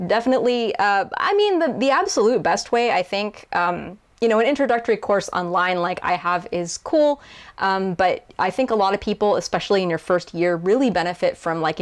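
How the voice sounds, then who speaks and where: A young woman translator casually answering viewer questions to camera, chatty and self-deprecating, with frequent fillers and restarts. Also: lowish voice. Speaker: YouTuber and translator.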